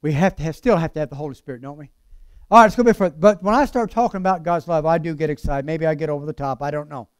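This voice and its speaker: A man preaching a sermon with passion, drawing out key words slowly and then rushing through quick asides. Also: a little high, smooth, dry recording, clean studio sound. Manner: impassioned, swings between slow emphatic lines and fast asides.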